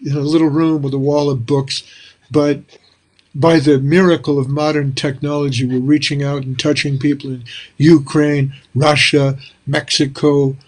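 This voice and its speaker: An older man, a spiritual teacher and author, tells reflective stories in an animated, chuckling way, speaking over a video call from a small room lined with books. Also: on the high side, moderate pace. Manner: animated, chuckling storyteller who acts out dialogue. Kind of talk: reflective storytelling interview.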